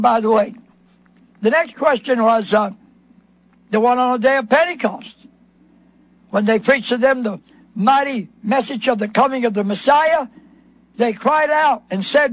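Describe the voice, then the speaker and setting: Very high-voiced emphatic male preacher. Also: measured pace, a bit bright, no room sound, rough recording. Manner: emphatic preaching, repeating phrases and acting out quoted questions. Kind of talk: sermon.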